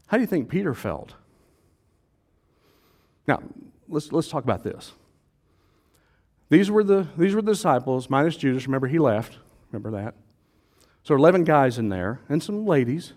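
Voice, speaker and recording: Playful joking pastor. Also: male voice, a little high, lively intonation, normal speed, long pauses, darkish tone. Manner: playful, jokey, acts out voices of the crowd. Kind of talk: casual conversational preaching.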